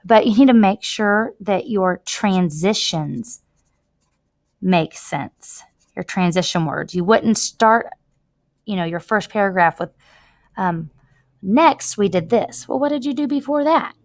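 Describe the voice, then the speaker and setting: A woman's voice: medium pitch, expressive. Chatty woman teaching a writing lesson. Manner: chatty, emphatic, drawn-out words when demonstrating. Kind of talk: classroom writing lesson over screen recording. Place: at a computer, recording her screen.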